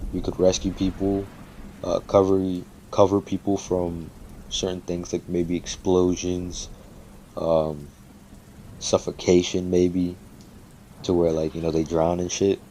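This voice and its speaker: A man's voice: low voice, level tone, measured pace, mellow, a little hiss or hum. A man casually making up and telling a fan story, rambling with lots of fillers and swearing freely.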